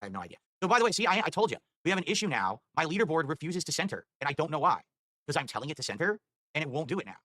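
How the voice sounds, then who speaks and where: A man's voice: a little high, sing-song, very fast, sharp tone, dry recording. A man streaming live, rambling in an exasperated way and swearing as he talks. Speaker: livestreamer.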